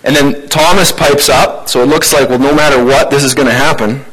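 A man's voice: mid-range voice, fairly even intonation, a little fast, a bit bright, slightly rough, low-quality recording. Conversational male pastor. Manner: conversational, informal preaching with fillers. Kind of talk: sermon.

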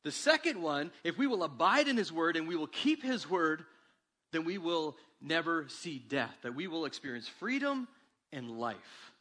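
A man preaching a sermon as pastor, with animated delivery that climbs for emphasis and drops low and quiet. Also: moderate pace.

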